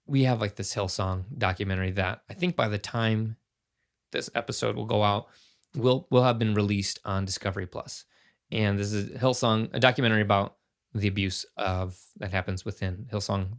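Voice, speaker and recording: A lowish, gravelly-voiced man hosts a casual solo podcast of commentary. He's earnest and impassioned, thinking aloud and restarting as he goes.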